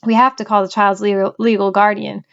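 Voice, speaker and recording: A woman reading the part of a tired male policeman who speaks calmly and wearily. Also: mid-range voice, brisk, gravelly, clean tone, highs cut off. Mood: weary. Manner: calm and weary.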